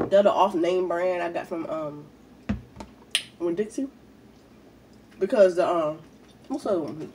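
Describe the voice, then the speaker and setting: A woman's voice: on the low side, recorded from a distance, background noise. A woman, chatting casually while eating in a mukbang video, a little congested from a head cold. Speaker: mukbang vlogger.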